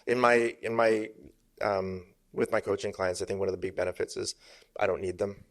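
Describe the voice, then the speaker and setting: A man's voice: lowish voice, level tone, moderate pace, creaky, fairly bright tone. A middle-aged man from Canada, a business coach talking emphatically as a guest in a podcast studio interview. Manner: emphatic, uses sparring metaphors, asks "make sense?".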